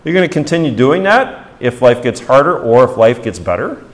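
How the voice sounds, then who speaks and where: A man preaching a sermon in a mid-range voice. He pushes his pitch up to stress key words, then lets phrases fall low and quiet at the ends. He keeps putting rhetorical questions to the congregation. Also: very animated, fairly quick. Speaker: pastor.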